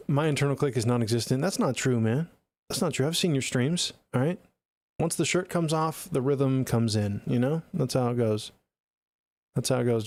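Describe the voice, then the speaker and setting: A man's voice: medium pitch, a little mellow, dry recording. A man streaming music feedback from a home studio closet, talking in a laid-back, rambling and profane way. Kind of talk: casual live-stream chat.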